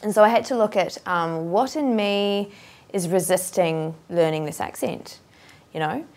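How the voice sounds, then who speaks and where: A woman actress and accent coach talking openly and at length, animated and straightforward, thinking aloud with ums. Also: mid-range voice, unhurried. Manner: open, straightforward, talkative. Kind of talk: casual interview talk.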